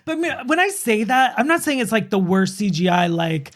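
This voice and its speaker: A woman's voice: medium pitch, big pitch swings, normal speed. A woman co-hosting a podcast, chatting casually about a film and laughing easily. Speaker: podcast co-host. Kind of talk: casual movie review chat.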